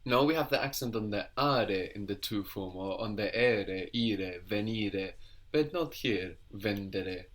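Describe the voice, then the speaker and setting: A man teaching Italian, explaining slowly and repeating each word back. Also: on the low side, a bit bright. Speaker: Italian tutor. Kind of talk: language lesson over a call.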